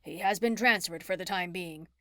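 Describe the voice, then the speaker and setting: A woman's voice: fairly low pitch, normal speed, sharp tone, no echo, clean studio sound. A woman voicing a stern, formal man who is an official of few words.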